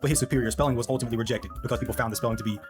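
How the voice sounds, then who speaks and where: A man reads a scripted history narration at a very fast clip, throwing in wry asides to the viewer. Clear background music plays under his voice the whole time. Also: mid-range voice, fairly even intonation.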